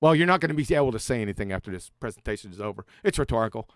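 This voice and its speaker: A man's voice: animated, racing, no echo, clean studio sound. Sarcastic swearing man ranting. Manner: sarcastic, insulting, heavy swearing; dramatic swings from loud jabs to low mutters. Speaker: YouTube debunker. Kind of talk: profane mocking rant reacting to a critic.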